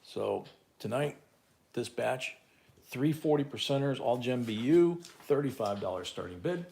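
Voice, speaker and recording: This auction host has an animated, darkish mid-range voice with vocal fry, and he takes his time. Chatting with viewers from home, he calls out bids in a casual live coin sale and repeats bids and his co-host's remarks.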